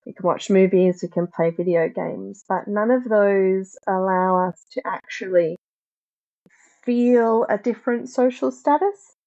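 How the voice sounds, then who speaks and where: A woman speaking as a podcast guest, reflective and thoughtful, often pausing to search for the right words. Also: medium pitch, a little mellow. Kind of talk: reflective conversational discussion. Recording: dull lo-fi sound.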